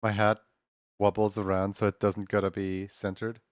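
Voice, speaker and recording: A man's voice: on the low side, level tone, moderate pace, clear, resonant tone, no room sound. A man with a Central European accent, chatting casually to his livestream while drawing, rambling and talking to himself with filler words. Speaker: streamer.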